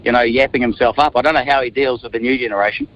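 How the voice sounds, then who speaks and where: A New Zealand man around fifty, a radio guest telling lively stories from a moving car. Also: medium pitch, rapid-fire, no echo, muffled recording. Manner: animated storyteller, acts out quotes. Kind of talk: casual radio interview.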